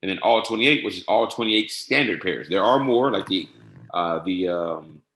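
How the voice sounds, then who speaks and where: A man giving a casual screen-share tutorial on trading software, often saying "all right" and spelling codes out slowly. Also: deep voice, animated. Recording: echoey room.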